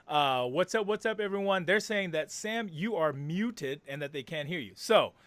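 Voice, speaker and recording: A man's voice: fairly high pitch, lively intonation, moderate pace, a bit bright, no room sound. A man hosting a casual livestream, upbeat and chummy, laughing often with his guest. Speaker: livestream host.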